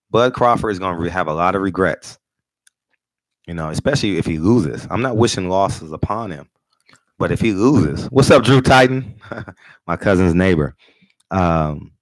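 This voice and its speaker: A man with a deep, low voice talks casually as the host of a boxing talk show. He is brash, boastful and profane, and he stumbles and restarts his sentences. The sound is dry and close. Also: no echo.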